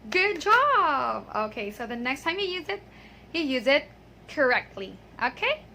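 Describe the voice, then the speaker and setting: Woman, cheerful teacher, high-pitched, crisp bright tone. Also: big pitch swings, slight background noise. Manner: upbeat, repeats "okay" often, drills words slowly. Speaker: English pronunciation teacher. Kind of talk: casual video lesson.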